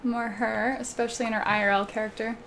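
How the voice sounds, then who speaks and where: A young woman hosting a casual live stream, chatting with viewers while she paints, laughing often and breaking into animated asides. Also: a little high, fast talker, vocal fry, slight background noise. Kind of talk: casual chat while reading viewer comments.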